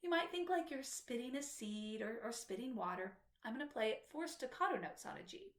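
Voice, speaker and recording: Patient woman music teacher, bright lively delivery, roomy sound. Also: on the high side, brisk. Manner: patient, explanatory teacher talking to students. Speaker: flute instructor. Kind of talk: instructional music tutorial.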